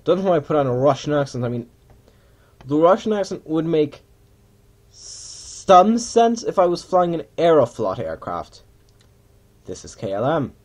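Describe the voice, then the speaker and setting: A man narrates his flight-simulator session in loose, self-mocking commentary. He talks slowly, with a lively, swinging pitch. He mutters asides to himself and drops into mock cabin announcements. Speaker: gamer playing a flight simulator. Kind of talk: casual gameplay commentary.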